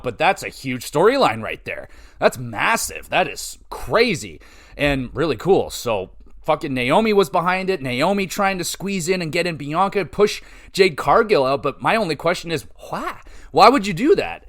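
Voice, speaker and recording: A man hosting a podcast, giving a casual solo wrestling review, profane, rambling and excitable. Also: on the high side, moderate pace. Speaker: podcast host.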